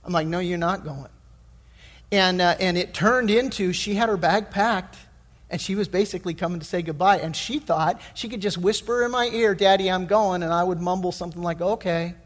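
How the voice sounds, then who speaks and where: Animated folksy pastor in echoing hall. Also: male voice, sits high, fairly quick. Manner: folksy, animated storytelling with many restarts. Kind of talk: sermon. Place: church sanctuary.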